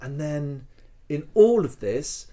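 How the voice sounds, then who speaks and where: A man co-hosting a casual podcast, telling a long story in an animated way with many fillers and restarts. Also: a little high, slow pace. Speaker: podcast co-host. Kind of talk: casual podcast chat, recounting a LARP.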